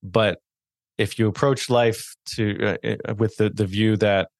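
A man's voice: fairly low pitch, fairly even intonation, unhurried, vocal fry, no room sound, studio quality. Rambling male podcast host. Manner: friendly, rambling, with many restarts and fillers. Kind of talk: casual interview chat.

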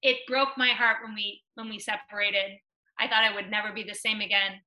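A young woman on a podcast telling a personal story in a chatty way, full of "like" and loud acted-out quotes. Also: mid-range voice, level tone, brisk, poor audio. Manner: chatty, many "like" fillers, acts out quotes loudly. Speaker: podcast guest.

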